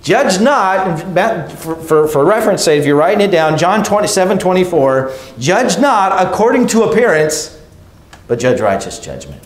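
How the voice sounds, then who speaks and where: A pastor in an echoey church delivers his sermon like a conversation. His man's voice sits slightly high, and he often stumbles, restarts his sentences and checks in with "right?" and "okay?". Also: big pitch swings, normal speed. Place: church sanctuary.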